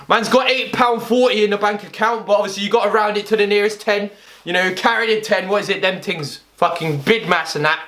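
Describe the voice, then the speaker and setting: A young man with a London accent and a high-pitched voice delivers comedic rhymes. Between them he breaks them down in deadpan street slang for his video audience. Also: moderate pace. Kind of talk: comedic rap with spoken explanations.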